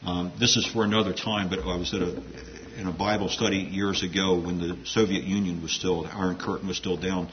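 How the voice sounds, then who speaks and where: A man with a lowish voice preaches in a loose, talky way, wandering into asides. The recording is dull and lo-fi, with a faint hiss running underneath. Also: little pitch movement, brisk, few pauses. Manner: conversational, digressive, with asides. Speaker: pastor. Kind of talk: sermon.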